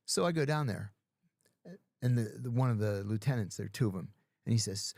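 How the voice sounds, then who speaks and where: A man's voice: fairly low pitch, a little fast, gravelly, no room sound. Man, middle-aged, podcast guest, acts out dialogue, dry close sound. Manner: animated storytelling, acting out other people's lines. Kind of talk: casual storytelling.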